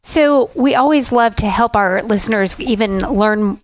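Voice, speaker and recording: A woman's voice: mid-range voice, unhurried, no echo. A woman co-hosting a faith podcast, playful and teasing with her co-host. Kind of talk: conversational podcast interview.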